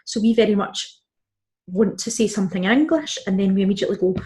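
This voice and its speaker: A woman's voice: mid-range voice, expressive, quick pace, a little mellow. A Scottish woman teaching a Spanish grammar lesson, explaining patiently step by step. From Scotland. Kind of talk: online language lesson.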